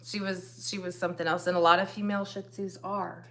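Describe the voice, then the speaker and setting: A woman's voice: fairly low pitch, flat delivery, a little fast, fairly bright tone. Chatty middle-aged woman on a live stream. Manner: chatty, laughs often, trails off mid-sentence. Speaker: co-host of a couple's live stream. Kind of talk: casual chat.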